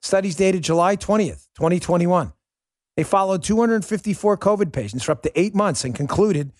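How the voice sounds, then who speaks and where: A fired-up man hosts a political talk show and delivers his commentary as a sarcastic rant. His voice sits a little high for a man. It sounds close and dry, with no room echo. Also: animated, moderate pace, darkish tone. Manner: heated, sarcastic ranting. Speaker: podcast host.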